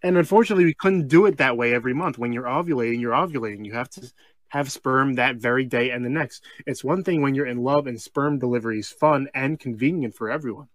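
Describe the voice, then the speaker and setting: A man co-hosting a comedy podcast, reading a strange story aloud, breaking off for deadpan asides and laughing mid-sentence. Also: medium pitch, quick pace, no echo. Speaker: podcast co-host.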